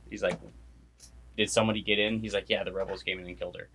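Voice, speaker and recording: A man's voice: low voice, level tone, background noise. A young man casually retelling a made-up movie plot, rambling and laughing often. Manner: rambling, laughs often, quick quoted asides.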